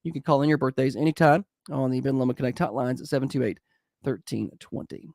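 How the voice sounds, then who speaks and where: A man's voice: mid-range voice, quick pace, darkish tone, dry recording, clean studio sound. A male morning radio host with a nasal, stuffy voice and sniffles, chatting casually and rambling through announcements.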